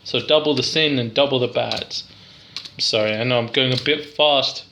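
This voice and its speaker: A man's voice: medium pitch, normal speed, vocal fry, pushed and bright, slight background noise. A young English man rambling through a casual, giggly, self-deprecating card review.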